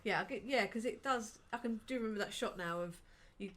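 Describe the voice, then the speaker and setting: A woman's voice: mid-range voice, fairly quick. A woman co-hosting a casual film chat, sarcastic, hesitant, often murmuring agreement. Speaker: co-host reviewing a film.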